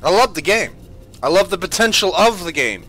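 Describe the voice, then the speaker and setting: Male streamer, gameplay commentary, exasperated ranting with plenty of swearing, bright and animated delivery. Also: high voice, moderate pace. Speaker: gaming streamer.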